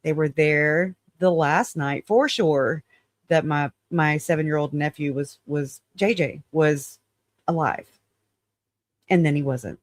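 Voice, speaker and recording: A man's voice: fairly high pitch, slow, no echo. Frank, rambling man on a livestream. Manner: rambling, frank, laughs often; hedges claims as alleged. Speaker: channel host. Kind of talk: casual livestream chat.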